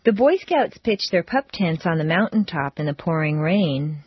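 A woman teaching English pronunciation, reading drill phrases slowly and deliberately with careful stress. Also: deep voice, lively intonation, breathy edge, dry recording, dull audio.

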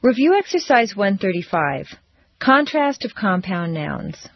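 A woman teaching English pronunciation, reading drill phrases slowly and deliberately with careful stress. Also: medium pitch, sing-song, breathy edge, no echo, dull audio.

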